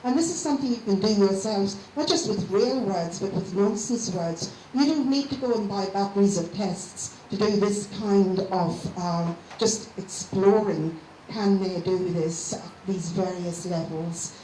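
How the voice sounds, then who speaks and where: A woman gives a lecture in a mellow, relaxed voice. She explains patiently and slows down to sound out each part of a word. The room is echoey, with a faint hiss behind her. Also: mid-range voice.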